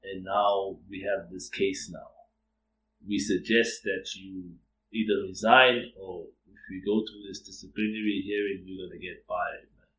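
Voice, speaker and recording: A man's voice: low-pitched, steady tone, a little slow, fairly bright tone. A man quoting a stern male manager who lectures an employee and pushes him to resign. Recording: roomy echo.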